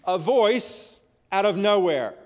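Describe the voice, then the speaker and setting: A male preacher reading scripture and explaining it in a sermon, halting with frequent "uh", rising when he quotes and dropping low at the ends of phrases. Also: expressive, a little mellow. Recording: long hall reverb.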